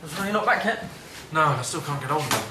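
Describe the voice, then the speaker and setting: An actor playing a brisk minicab controller answering phones in a TV soap. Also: male voice, on the high side, expressive, roomy sound, heavy background noise, natural voice. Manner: brisk, businesslike. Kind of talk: TV soap drama.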